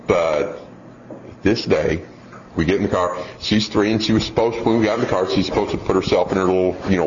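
Deep-voiced man telling a rambling family story. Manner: folksy, rambling, chuckles as he tells it. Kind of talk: casual storytelling. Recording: dull lo-fi recording with faint background hiss.

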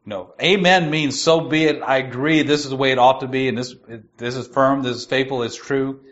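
A man giving a sermon. He reads scripture slowly and stresses its key words. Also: mid-range voice, fairly even intonation, fairly bright tone, dull audio. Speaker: preacher.

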